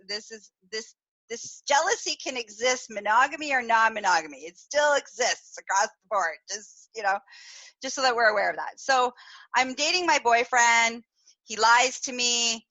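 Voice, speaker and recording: A woman hosting a podcast, telling a personal story in a candid, animated way, laughing often and swearing freely. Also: on the high side, low-quality recording. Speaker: podcast host.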